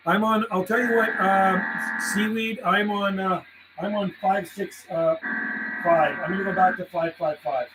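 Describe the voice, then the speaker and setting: A man's voice: high voice, fairly even intonation, a little slow, roomy sound, background noise. A man working as an amateur radio operator, chatting over the air in call signs and codes, then talking to himself as he logs his contacts. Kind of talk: casual radio call and logging chat.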